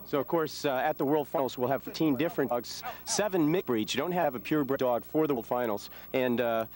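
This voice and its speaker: Man, dog trainer guest, medium pitch, plain and informative, outdoors. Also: fairly quick, a little mellow. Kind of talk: live TV interview.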